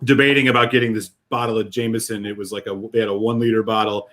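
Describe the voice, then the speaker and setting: A man talking in a relaxed, easygoing way as a guest on a casual chat, laughing often and using lots of fillers. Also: on the low side, quick pace. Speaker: guest whisky reviewer.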